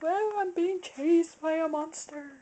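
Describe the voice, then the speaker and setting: A woman's voice: extremely high pitch, measured pace, warm tone. A woman filming her toddler at home on a handheld camera, coaxing the child in sing-song baby talk and repeating short phrases.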